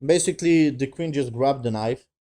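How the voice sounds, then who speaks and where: A man's voice: mid-range voice, moderate pace, dark tone. A man casually reviewing a TV episode in loose, broken English, rambling and swearing as he retells the scenes. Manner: broken non-native English grammar. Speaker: TV show reviewer.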